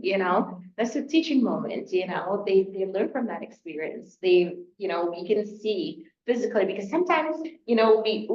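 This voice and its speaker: Older woman, toddler teacher, chatty storytelling, echoey room, slightly dull sound. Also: mid-range voice. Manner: animated storytelling, acting out a child's voice. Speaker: toddler teacher on a parent panel. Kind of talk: conversational panel talk to parents.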